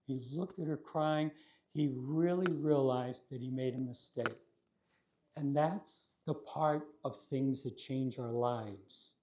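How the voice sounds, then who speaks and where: A man, a martial arts instructor, telling a children's lesson story in a gentle manner and often checking in with listeners. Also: mid-range voice.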